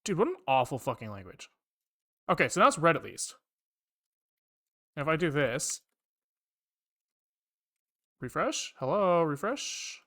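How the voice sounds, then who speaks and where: Swearing live-coder with a lively voice. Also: mid-range voice, a little slow, pauses often. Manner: muttering code aloud, frequent frustrated swearing. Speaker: programmer streaming live coding. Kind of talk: live coding, thinking aloud.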